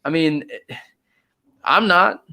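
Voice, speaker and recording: A young man co-hosting a casual sports podcast, hesitant and hedging, sometimes drawing words out and sometimes rushing. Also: a little high, pushed and bright. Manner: hesitant, hedging, pace swings from drawn-out to quick. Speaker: podcast co-host.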